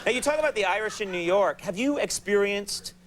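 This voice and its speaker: A man hosting a talk show, chatting in a jokey, self-mocking, animated way. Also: sits high, brisk, some chatter behind. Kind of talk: casual talk-show chat.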